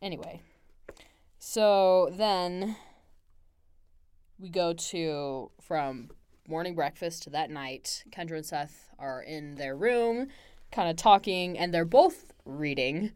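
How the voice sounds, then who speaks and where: A woman's voice: lowish voice, takes it slowly, a little mellow, smooth, no echo. A young woman co-hosting a casual book podcast, laughing often and playfully acting out characters' lines. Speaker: podcast co-host. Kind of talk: casual book-club chat.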